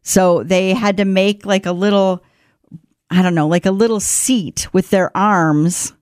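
Smooth-voiced woman chatting on air. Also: mid-range voice, fairly even intonation, measured pace, darkish tone, no echo, studio quality. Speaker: radio show co-host. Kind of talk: casual chat.

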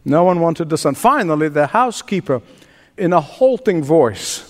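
A man preaching a sermon, telling a story in a dramatic, deliberate way in a church. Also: a little high, big-room sound.

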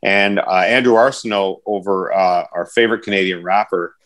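A man's voice: deep voice, steady tone, moderate pace, fairly bright tone. A man hosting a podcast in casual chat, rambling, correcting himself and joking with his co-hosts. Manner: rambling, self-correcting, jokey. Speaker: podcast host.

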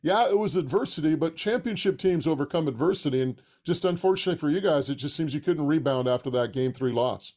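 A man's voice: a little high, lively intonation, fast, hardly any pauses, a little mellow. A man hosting a sports talk show, setting up his questions with backstory in a conversational way. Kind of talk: interview questions.

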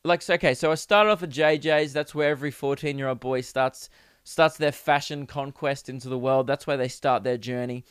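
A man's voice: medium pitch, fairly even intonation, brisk, a bit bright, clean tone, no echo, studio quality. A man in his twenties with an Australian accent, hosting his own podcast in a rambling, crude, jokey way and laughing often. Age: 20s. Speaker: podcast host. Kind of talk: casual solo podcast chat. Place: home recording setup.

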